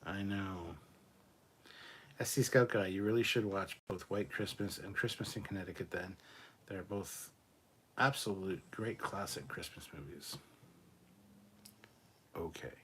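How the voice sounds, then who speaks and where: A man's voice: sits low, a little slow, long pauses, fairly bright tone, breathy edge. A man in his forties co-hosting a casual livestream, reading viewer comments aloud in a laid-back, offhand way with frequent fillers and some swearing. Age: 40s. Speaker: podcast co-host.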